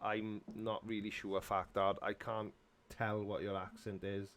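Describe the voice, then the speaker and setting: A man's voice: lowish voice, level tone, measured pace, fairly bright tone. A middle-aged man, casually answering viewers' questions on a live stream in a dry, sarcastic way. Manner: dry, sarcastic, self-mocking.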